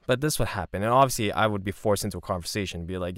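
A man from Canada hosting a casual solo podcast, telling stories in a relaxed, rambling way and laughing often. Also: fairly low pitch, fast talker, no room sound, clean studio sound. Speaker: podcast host.

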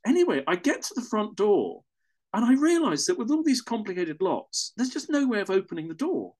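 A man's voice: high voice, very animated, a little fast, darkish tone. An English man telling a personal story in a casual, rambling way, often correcting himself mid-sentence. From England. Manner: rambling, self-correcting, with chuckles.

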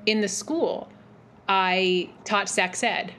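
A woman in her forties telling a personal story as a podcast guest, animated and rambling, with many fillers and restarts. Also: mid-range voice, takes it slowly, slight background noise. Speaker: podcast guest, mental health practitioner. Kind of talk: casual interview storytelling.

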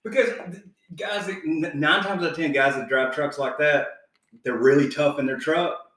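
A man's voice: fairly high pitch, normal speed. A man co-hosting a podcast, telling a story in casual chat, swearing freely and laughing as he goes. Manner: profane, animated, laughs while telling. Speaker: podcast co-host. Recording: very echoey room, voice far from mic.

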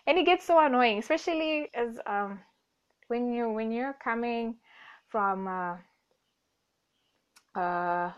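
A young woman talks through a loose, jokey podcast monologue. She circles back on her thoughts and corrects herself mid-sentence. Her voice sits a little high, and the recording sounds dull and lo-fi. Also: slow, long pauses, clear, resonant tone. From Namibia. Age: young adult. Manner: rambling, self-correcting, laughs often, jokey. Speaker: podcast host. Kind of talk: casual monologue.

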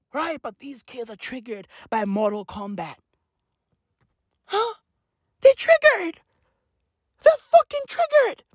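Young male vlogger, high and lively voice, dry close sound, swearing rant. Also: no room sound. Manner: loud, animated, slangy, swears a lot. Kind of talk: profane comic rant.

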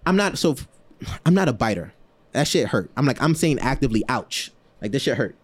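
A man with a mid-range voice tells a story quickly in casual podcast chat, speaking loosely with lots of slang and fillers. He's animated, laughs often, and acts out the voices of the people he quotes.

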